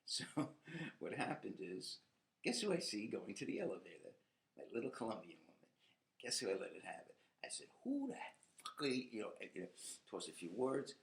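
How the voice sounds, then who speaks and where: A man's voice: fairly low pitch, very animated, fairly quick, gravelly. A man, hosting a rambling podcast monologue, ranting with profanity and frequent laughter. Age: 50s. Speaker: podcast host.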